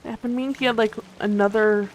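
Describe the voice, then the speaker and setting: A slightly high, fairly evenly intoned voice talks a little fast, with a little hiss or hum in the audio. It belongs to a young gaming streamer who chats casually and sleepily, yawning, rambling, and full of fillers and restarts.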